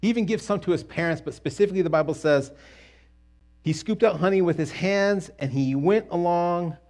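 A man teaching a Bible story in a casual, animated and jokey way, with quick asides and restarts. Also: high voice.

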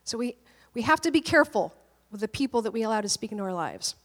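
A woman's voice: a little high, big pitch swings, fast talker, fairly bright tone, big-room sound. A woman pastor preaching in a conversational, storytelling way, often laughing as she talks. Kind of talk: conversational sermon.

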